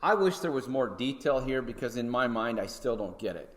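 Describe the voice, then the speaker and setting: A man's voice: mid-range voice, animated, fairly quick. Conversational male Bible teacher in echoey hall. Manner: conversational, checks in with listeners with frequent "okay?" and "right?". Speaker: Sunday school teacher and church elder. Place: church hall.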